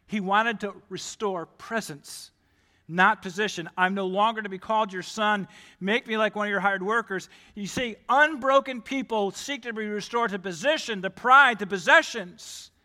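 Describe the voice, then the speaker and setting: A male pastor preaching a sermon, talking emphatically and climbing louder on key points. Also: high voice, moderate pace. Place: church. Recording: long hall reverb.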